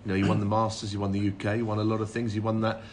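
A man's voice: on the low side, monotone, very fast, darkish tone, slight background noise. A man and former player, a guest on a podcast, telling anecdotes in casual chat and laughing as he tells stories.

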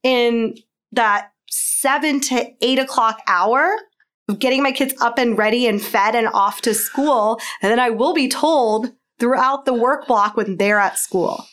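A woman's voice: on the high side, a little slow, fairly bright tone. A woman in her thirties, a guest entrepreneur and mother, talking in a chatty, casual way, laughing often and saying "like" a lot. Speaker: interview guest, pharma entrepreneur. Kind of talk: casual interview chat.

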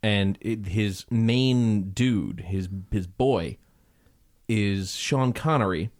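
A man's voice: on the low side, very slow, darkish tone. A man co-hosting a casual podcast chat, joking and teasing, swearing casually. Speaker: podcast co-host.

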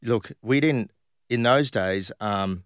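Man, middle-aged, storytelling interview guest, lowish voice, dry close sound. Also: slow pace, clean tone, dry recording. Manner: animated anecdotes, acts out quoted voices, laughs often. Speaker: interview guest, former footballer.

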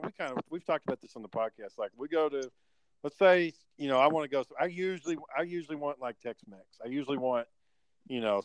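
A man's voice: mid-range voice, clear, resonant tone, no room sound, poor audio. A young adult man co-hosting a podcast, telling rambling, profanity-laced stories in casual chat. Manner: profane, rambling, animated storyteller. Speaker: podcast co-host.

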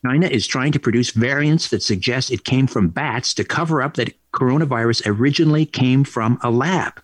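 A man's voice: medium pitch, brisk, no room sound. A male talk radio host delivering an indignant, emphatic monologue, repeating phrases for emphasis.

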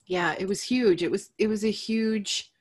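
A middle-aged woman with a mid-range voice shares a personal story, candid and animated. She laughs between phrases and speaks with feeling. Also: medium pitch, a little slow, husky. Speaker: guest.

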